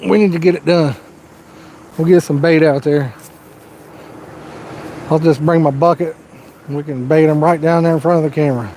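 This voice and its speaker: A man with a Southern US accent chats through a casual fishing livestream, cracking corny one-liners in a folksy drawl. His voice sits fairly high for a man. A faint outdoor hum runs behind him. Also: fairly even intonation, normal speed, pauses often, dark tone. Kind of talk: casual live-stream chat. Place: outdoors by the water.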